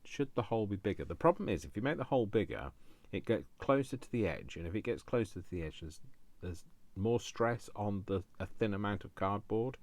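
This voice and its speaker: Male craft host, very low voice, chatty self-talk with jokey asides. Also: expressive, fairly quick, a little mellow, no echo. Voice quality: deep voice. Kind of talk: thinking aloud while crafting.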